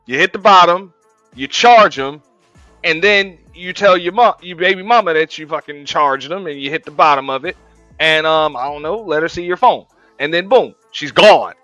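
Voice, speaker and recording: A man's voice: a little high, moderate pace, bright, forceful tone, no echo, lo-fi sound, faint music behind. A man hosting a casual reaction show, talking in a laid-back, profane way, laughing and repeating himself. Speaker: show host reacting to clips.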